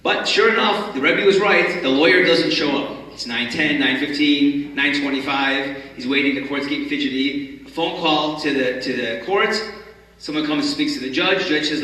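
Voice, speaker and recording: A man giving a storytelling talk at a religious conference, animated and acting out the people in his story. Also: mid-range voice, normal speed. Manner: animated storyteller, acts out the characters. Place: large conference hall. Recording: echoey hall from far off.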